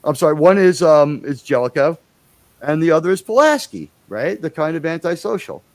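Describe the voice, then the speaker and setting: A man's voice: on the high side, very animated, moderate pace, dry recording. A man hosting a casual livestream, rambling and chatty, with enthusiastic, profane asides. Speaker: livestream host.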